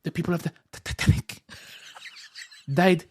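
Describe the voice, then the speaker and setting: A man's voice: high voice, steady tone, normal speed, pitched above the performer's own voice, natural voice. A man mimicking a gushing diva with a mock Quebec French accent. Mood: melodramatic. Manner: over-earnest, overly formal. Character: a gushing, melodramatic female diva singer.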